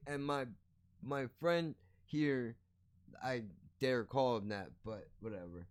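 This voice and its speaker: A young man hosting a podcast, telling a story as a blunt, profane, animated rant. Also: medium pitch, unhurried, clean tone. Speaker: podcast host.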